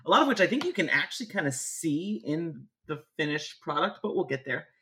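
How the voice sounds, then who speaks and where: Dude on a movie podcast going over production history, really lively up and down voice. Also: male voice, fairly high pitch, fairly quick. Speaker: podcast guest. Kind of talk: casual podcast chat.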